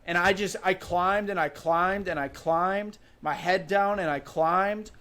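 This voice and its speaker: A man's voice: high-pitched, a little slow, smooth. A man in his twenties from Wisconsin, a podcast guest vividly telling a story in a casual way, often using "like" and "you know". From Wisconsin, USA. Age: 20s. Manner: animated, vivid recounting with frequent "like" and "you know".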